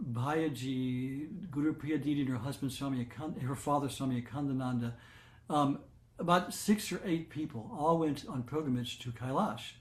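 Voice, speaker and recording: An older man leading a devotional gathering, telling stories in a gentle, unhurried way with many fillers and restarts. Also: on the high side, echoey room. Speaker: satsang leader. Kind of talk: devotional storytelling talk.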